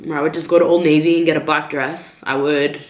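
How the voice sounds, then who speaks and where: A woman with a low voice talks openly to her camera in a casual personal vlog. She is chatty, with frequent ums and likes, and the room around her is echoey. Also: flat delivery, fast talker. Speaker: vlogger.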